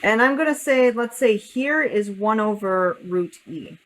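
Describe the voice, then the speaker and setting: A woman's voice: a little high, expressive, unhurried, low-quality recording. Woman talking through a calculus sketch. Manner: thinking aloud while drawing, self-correcting. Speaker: math teacher. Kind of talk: step-by-step calculus lesson.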